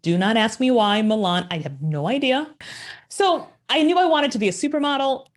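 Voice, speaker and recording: A woman in her forties from Minnesota, telling her story as a podcast guest with lively rhetorical questions. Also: fairly high pitch, normal speed. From Minnesota, USA. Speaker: podcast guest, agency founder. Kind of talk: casual interview storytelling.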